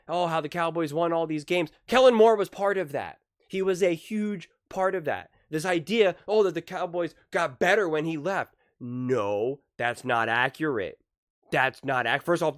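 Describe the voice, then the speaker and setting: A man doing a reaction commentary on football news, emphatic and exasperated, ranting with frequent restarts. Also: a little high. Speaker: sports commentary youtuber.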